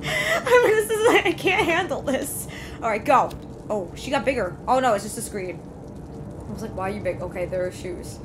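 A woman's voice: fairly high pitch, big pitch swings, normal speed, background noise. A woman hosting a horror game let's play, jumpy and often screaming and repeating herself as she comments.

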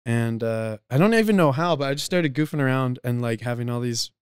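Young guy rambling on a podcast, super clean crisp voice, dry close mic. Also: medium pitch, animated, a little fast, no room sound. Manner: laid-back, rambling, with filler words and laughs. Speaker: podcast guest, filmmaker. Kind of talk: casual podcast chat.

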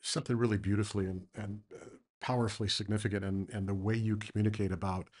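A man hosting a podcast interview, speaking in a thoughtful, measured way. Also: fairly low pitch, flat delivery, a little mellow. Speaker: podcast host. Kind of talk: reflective interview talk.

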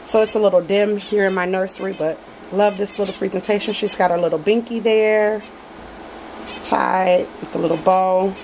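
Woman vlogger talking to viewers in her home nursery, warmly gushing; mid-range voice, faint hum behind. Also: mid-range voice, fairly even intonation, normal speed, low-quality recording. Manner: gushing, affectionate, addresses viewers as y'all. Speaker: reborn doll collector vlogger. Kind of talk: casual unboxing chat.

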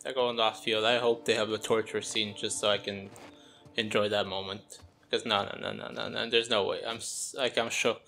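A young man commentates on his gameplay, groaning and muttering in exasperation. His voice is gravelly with plenty of fry and a bright, tense edge. Faint game music plays behind him. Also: on the low side, flat delivery, brisk. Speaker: gameplay streamer.

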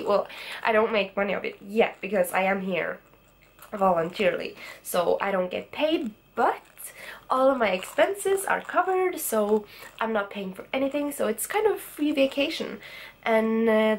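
A woman's voice: on the high side, expressive, normal speed. A young woman in her twenties chatting enthusiastically to a handheld camera outdoors, laughing often. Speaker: student vlogger. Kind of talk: casual vlog chat. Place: outdoors in the countryside.

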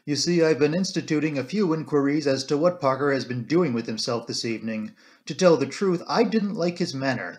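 A man voicing a grim police inspector who presses with brisk questions in an amateur audiobook reading. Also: fairly high pitch, natural voice.

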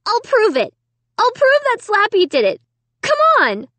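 A woman's voice: very high voice, huge pitch swings, a little slow, pushed and bright, no echo, voice pushed up, exaggerated voice. A woman voicing a frightened, insistent preteen girl who pleads shrilly. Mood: urgent.

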